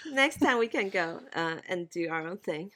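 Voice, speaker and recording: A woman co-hosts a casual podcast chat in a somewhat low voice. She talks in quick bursts, laughing often and restarting her sentences with plenty of fillers. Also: expressive, pushed and bright. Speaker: podcast co-host.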